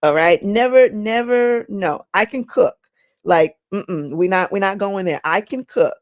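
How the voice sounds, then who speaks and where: A woman hosting a casual, faith-based personal talk, chatty and animated, often repeating words as she goes. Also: medium pitch, measured pace. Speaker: inspirational vlog host.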